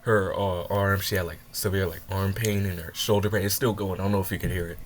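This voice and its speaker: A man's voice: low voice, fairly even intonation, a little fast, noisy background. A young man reacting to a clip, heated and swearing, stumbling over his words and sounding upset after crying. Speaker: reaction video host. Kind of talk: reaction commentary.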